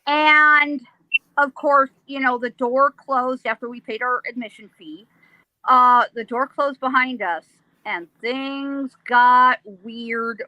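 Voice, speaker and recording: A woman, a psychic guest, telling a ghost story in a lively way, laughing often and acting out sounds. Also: sits high, dry recording, rough recording.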